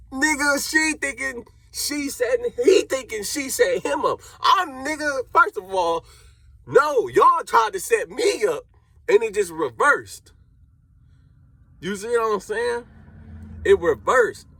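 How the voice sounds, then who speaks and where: Man, Cleveland accent, husky voice, lively swooping pitch, animated slang storytime. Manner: animated street slang storytelling, acts out quotes. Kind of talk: casual storytime.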